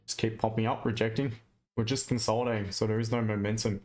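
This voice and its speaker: A man's voice: lowish voice, flat delivery, fast talker, darkish tone, soft background music. Blunt Australian man ranting on a stream. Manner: blunt and ranting, with mild swearing. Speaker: live trading streamer. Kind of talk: casual live-stream chat.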